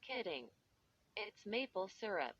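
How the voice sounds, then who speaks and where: A teasing girl plays a prank on her friends, as a woman narrator reads her. She speaks slowly and slightly low. The recording is dull and lo-fi. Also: big pitch swings, fairly bright tone, slightly rough, exaggerated voice.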